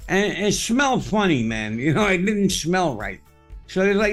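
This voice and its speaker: A man's voice: high voice, sing-song, moderate pace, a bit bright, faint music behind. A man hosting a podcast, chatting casually as a rambling, profane storyteller. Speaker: podcast host. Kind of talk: casual chat.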